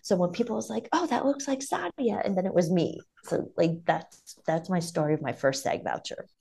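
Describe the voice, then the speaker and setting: Gravelly-voiced woman comedian. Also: lowish voice, brisk. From Ohio. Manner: animated and encouraging. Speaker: stand-up comedian. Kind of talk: casual chat.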